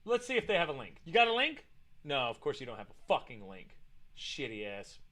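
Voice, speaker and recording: Animated swearing man ranting. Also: fairly high pitch, fast. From United States. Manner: animated, swears a lot, mocks with put-on voices. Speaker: streamer reacting to a list and chat. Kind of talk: profane casual rant reading chat.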